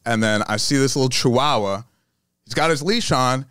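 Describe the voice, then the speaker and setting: A man, a stand-up comedian guest, telling a story in casual chat, profane and animated, laughing often. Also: medium pitch, moderate pace, clear, resonant tone, dry recording, studio quality. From New York.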